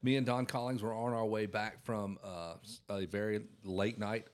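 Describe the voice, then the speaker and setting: A man's voice: on the low side, fairly even intonation, moderate pace. A man, telling stories in a casual chat and acting out the quotes. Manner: storytelling, acts out quotes.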